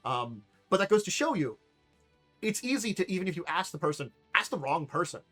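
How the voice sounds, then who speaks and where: A man's voice: high voice, very animated, brisk, a bit bright, soft background music. A man hosting a casual tabletop podcast, rambling and self-deprecating, laughing at his own jokes. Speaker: podcast host. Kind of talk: casual chat.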